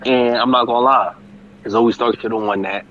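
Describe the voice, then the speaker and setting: A man co-hosting a casual chat, talking in an excitable, slangy way with many restarts, on a dull, lo-fi recording. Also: mid-range voice, normal speed, a little hiss or hum. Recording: dull lo-fi sound.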